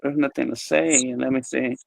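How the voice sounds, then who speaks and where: A woman from the South with an unusual Southern accent and a very deep voice, teasing the others during a stream. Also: fairly even intonation, moderate pace, creaky. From American South. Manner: teasing, sassy. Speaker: stream guest. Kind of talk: casual banter.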